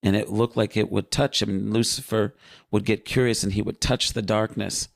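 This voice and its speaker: Brief: low creaky male voice, earnest storyteller, dry close sound. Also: steady tone, moderate pace, dry recording. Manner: earnest, vivid storytelling with fillers. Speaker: guest recounting a vision. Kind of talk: casual spoken testimony.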